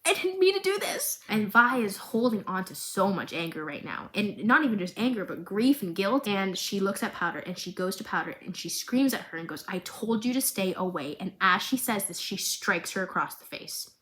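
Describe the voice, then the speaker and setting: A young woman talks straight to her viewers in a casual vlog recap, her voice pitched in an ordinary middle range. She retells each scene dramatically and expressively, and keeps breaking off with chatty asides to the audience. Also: animated, moderate pace, hardly any pauses, a bit bright, poor audio. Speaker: video creator recapping a series.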